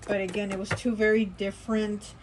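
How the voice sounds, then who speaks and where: Woman tarot reader, chatty and rambling, mid-pitched, steady background hiss under the voice. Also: a little fast. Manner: chatty, rambling, many fillers and restarts. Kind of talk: casual tarot reading monologue.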